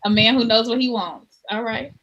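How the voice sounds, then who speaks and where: A woman's voice: fairly high pitch, normal speed, muffled recording, a crowd in the background. A woman co-hosting a casual podcast chat who asks blunt, direct questions. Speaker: podcast co-host. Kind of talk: casual chat among friends.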